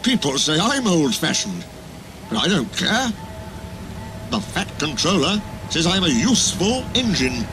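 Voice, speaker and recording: A kindly little blue engine talks in a raised, lively voice, earnest and warm-hearted, as a man plays him. Music runs underneath. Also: a little high, a little slow, pitched above the performer's own voice, full character voice. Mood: indignant. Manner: kind, earnest, indignant at times. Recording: music playing behind.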